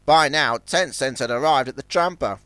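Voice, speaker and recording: A man narrating a children's storybook in a lively, expressive reading style. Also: mid-range voice, moderate pace, no room sound.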